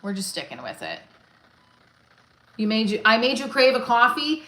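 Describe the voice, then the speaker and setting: A woman's voice: on the high side, pushed and bright. A woman hosting a casual livestream, cracking profane, rambling stand-up jokes. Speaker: livestream host. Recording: roomy echo.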